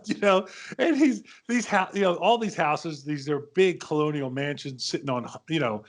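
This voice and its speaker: A man's voice: on the high side, moderate pace, hardly any pauses. A man in his fifties hosting a podcast, telling a long story in a casual, rambling way and acting out the lines of the people in it. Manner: rambling anecdotes with quoted dialogue, frequent restarts. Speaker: podcast host.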